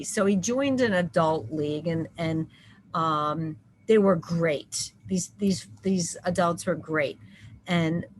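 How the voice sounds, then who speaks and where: A woman with a low voice tells her own story as a parent on a panel. She talks in a halting way, with many fillers and false starts. A faint hum of noise sits behind her. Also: low-quality recording.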